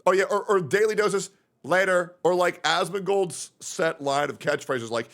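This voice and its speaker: A man's voice: sits high, moderate pace, a bit bright. A young man chatting casually on a livestream, rambling, swearing a lot and reacting to chat messages as he reads them. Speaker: streamer.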